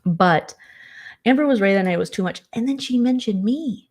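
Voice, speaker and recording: A woman's voice: mid-range voice, expressive, fairly quick, darkish tone, slightly rough. A woman talks to her viewers in a casual late-night vlog. Her voice sits in a middle range, and she tells stories with exasperated sarcasm. She slips into mocking voices for the people she quotes. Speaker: vlogger host.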